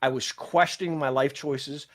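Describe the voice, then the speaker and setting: An older man, a pastor and podcast host, telling stories in casual church podcast chat with animated, quick bursts. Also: mid-range voice, a crowd in the background.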